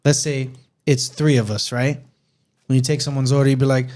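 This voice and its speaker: A man's voice: medium pitch, flat delivery, fairly quick, darkish tone. A man co-hosting a casual podcast, telling joking stories and acting out waiter and customer exchanges. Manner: joking storyteller, acts out customers. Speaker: podcast co-host.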